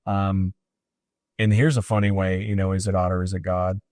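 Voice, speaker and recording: A man's voice: deep voice, little pitch movement, moderate pace, darkish tone, no echo, clean studio sound. A man co-hosting a faith podcast in casual, reflective chat, with many fillers. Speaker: podcast co-host.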